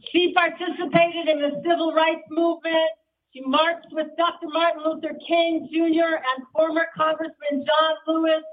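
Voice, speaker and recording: A woman's voice: very high-pitched, little pitch movement, normal speed, phone-quality sound. A woman gives an earnest protest speech and introduces speakers at an outdoor rally. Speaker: rally emcee.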